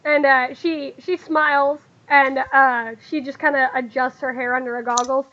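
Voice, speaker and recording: A woman with a congested, high voice narrating her character's moves in a tabletop game. She rambles with lots of fillers, and the audio sounds dull and lo-fi. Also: fairly even intonation, moderate pace, pushed and bright. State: congested from a cold. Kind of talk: casual role-play narration.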